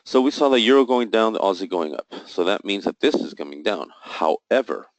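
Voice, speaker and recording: A man's voice: fairly low pitch, expressive, a little fast, dry recording, rough recording. A man teaching a live trading session, walking through charts step by step, posing questions and answering them himself, with emphatic, jokey asides. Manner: explains step by step, asks and answers his own questions. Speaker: trading instructor.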